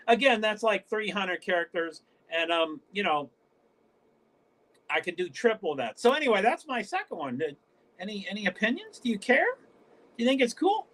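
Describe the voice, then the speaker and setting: A man from the northeastern US hosts his own livestream in loose, casual chat. His voice sits fairly high for a man. He wanders from thought to thought, trips over restarts and keeps cutting himself off. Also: very animated, normal speed, fairly bright tone. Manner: rambling, stop-start, frequent self-interruptions. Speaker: livestream host.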